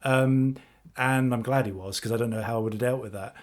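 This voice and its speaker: A man co-hosting a podcast over a video call, chatting in a relaxed, rambling way with many fillers. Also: medium pitch, a little fast. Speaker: podcast co-host. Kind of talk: casual chat.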